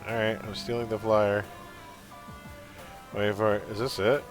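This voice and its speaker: A man's voice: fairly low pitch, little pitch movement, unhurried, music in the background. A man from Canada with a mild Canadian accent, chatting casually as he streams a game and reads its text aloud. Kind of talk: casual live-stream commentary.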